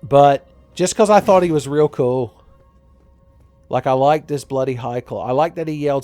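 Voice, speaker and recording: A man at a mid-range pitch talking over a video game, sarcastic and swearing freely as he rants. He laughs at his own jokes between bursts of mock frustration, with faint game music underneath. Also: normal speed, warm tone, no room sound. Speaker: let's play host. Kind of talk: profane gameplay commentary.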